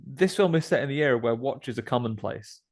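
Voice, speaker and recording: A man's voice: medium pitch, animated, fairly quick. A British man co-hosting a podcast, recapping a film in a wry, slangy casual chat. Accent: British English. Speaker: podcast co-host.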